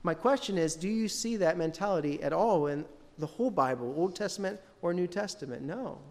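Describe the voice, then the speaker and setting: Speaking a little fast in a high voice, a pastor delivers his sermon conversationally and poses questions to those gathered. The recording carries a long hall reverb.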